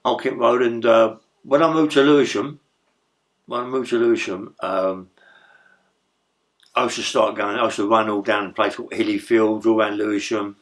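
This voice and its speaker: An older man, telling rough stories in a rambling, profane way as an interview guest. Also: on the low side, fairly even intonation, normal speed. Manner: rambling, profane, tag questions like "yeah?". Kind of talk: storytelling in a casual interview.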